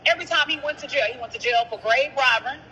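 A woman calls in to an interview and tells her story bluntly, with plenty of profanity. Her voice sits high and sounds sharp and bright, and she acts out what other people said. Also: fast, a little hiss or hum, rough recording. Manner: blunt, profane, animated storytelling with quoted dialogue. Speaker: caller, sister of the rapper discussed. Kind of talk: phone-in interview, heated storytelling.

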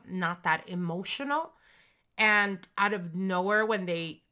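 A woman's voice: medium pitch, bright, forceful tone. A young adult woman giving a casual, chatty tarot reading, talking frankly and swearing now and then. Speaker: tarot reader.

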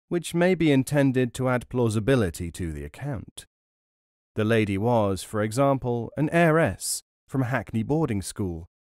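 Male folk-tale reader: steady, measured narration, dead dry studio sound. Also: mid-range voice, dry recording. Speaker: storyteller. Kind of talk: audiobook storytelling.

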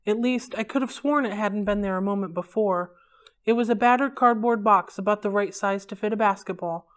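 Library read-along reader, woman, steady clear storytelling. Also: mid-range voice, fairly quick. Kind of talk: reading a novel aloud.

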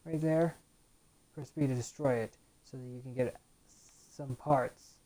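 A woman hosting a let's play, chatting loosely as she plays and retelling old scenes. Her voice is very low, mellow and dark. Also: steady tone, unhurried. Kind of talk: casual gameplay commentary.

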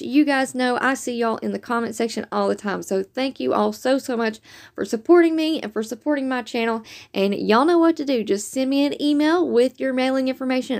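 Slightly hoarse upbeat woman vlogger. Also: high-pitched, a little mellow. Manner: upbeat, chatty, lots of "y'all". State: losing her voice, slightly raspy. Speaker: couponing channel host. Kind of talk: casual video chat to viewers.

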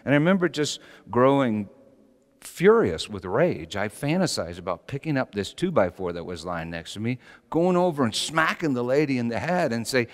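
A middle-aged man preaching a sermon, telling stories passionately and rising to shouts. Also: medium pitch, very animated, moderate pace. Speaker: pastor. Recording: long hall reverb.

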